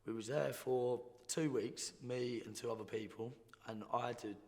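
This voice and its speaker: A young man tells his story bluntly, in slang, often stopping and restarting. His voice sits at an ordinary middle pitch. The sound rings with a long reverb, like a big hall. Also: fairly even intonation, moderate pace, darkish tone. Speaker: guest. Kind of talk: casual storytelling.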